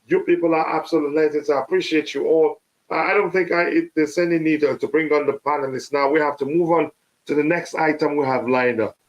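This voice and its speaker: A man hosting a live football stream, talking casually with many fillers and restarts, his voice a little hoarse. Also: a little high, steady tone, fairly quick, poor audio. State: slightly hoarse.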